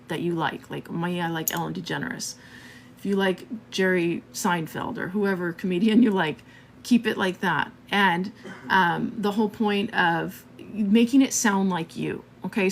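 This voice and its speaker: A woman's voice: fairly low pitch, a little hiss or hum. A woman hosting a live marketing stream, talking casually and a bit scattered, laughing often and checking in with "okay?".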